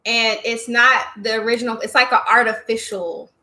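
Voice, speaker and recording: A woman co-hosting a casual beer tasting chat, blunt, swearing freely and animated. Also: on the high side, moderate pace. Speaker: co-host of a beer tasting stream.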